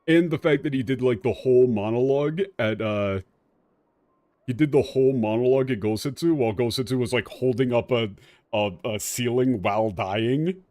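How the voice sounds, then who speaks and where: A man streaming a game, talking casually and ranting in an animated way with frequent restarts. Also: medium pitch, normal speed, no echo. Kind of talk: casual commentary while playing.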